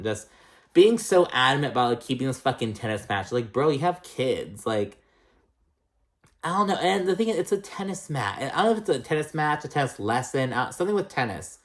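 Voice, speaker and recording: A man chats his way through a reality TV recap in a loose, profane way, with "like" in almost every sentence. His voice sits at a middling pitch but jumps up high and drops low again when something gets to him. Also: very animated, fairly quick. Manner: chatty and profane, heavy use of "like"; jumps between pitch highs and lows when reacting. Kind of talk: casual recap commentary.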